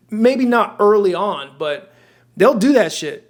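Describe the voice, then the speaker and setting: High-voiced young man ranting bluntly. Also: lively intonation, slow. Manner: blunt and profane, emphatic with frequent restarts. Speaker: dating advice vlogger. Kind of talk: casual rant to camera. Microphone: camera mic.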